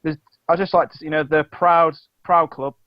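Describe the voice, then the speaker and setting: A fairly high-voiced man chats about football in a halting way, stopping and restarting his sentences. His voice comes through a dull, lo-fi mic in a dry room. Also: steady tone, dry recording. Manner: halting, many restarts and fillers. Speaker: podcast co-host. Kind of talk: casual sports chat.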